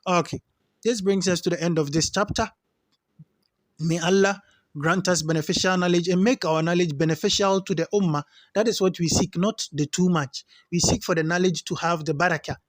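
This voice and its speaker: A man's voice: high-pitched, fairly quick, no room sound. A man teaching Arabic grammar in a recorded lesson, reading Arabic lines and then patiently explaining them in English. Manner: patient, repeats points for learners.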